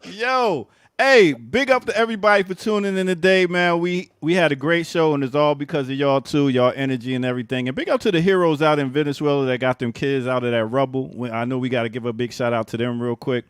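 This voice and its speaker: A man working as a radio DJ, giving hyped shout-outs. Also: medium pitch, fast talker, hardly any pauses, clear, resonant tone, no room sound, studio quality. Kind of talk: radio DJ banter. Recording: music playing behind. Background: music.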